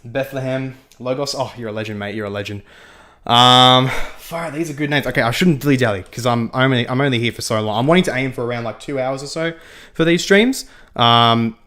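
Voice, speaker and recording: Young aussie bloke rambling on a game stream, laughs a lot, keeps repeating himself. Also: male voice, mid-range voice, a little fast, fairly bright tone. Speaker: livestream host. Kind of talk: casual gaming livestream chat.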